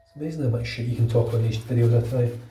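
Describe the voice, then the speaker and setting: A man's voice: medium pitch, rapid-fire, warm tone, recorded from a distance, a little hiss or hum. A British man vlogging casually while shaving his head at home, chatty and rambling, swearing freely, a bit under the weather with a cold. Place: bathroom at home. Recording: echoey room, voice off-mic.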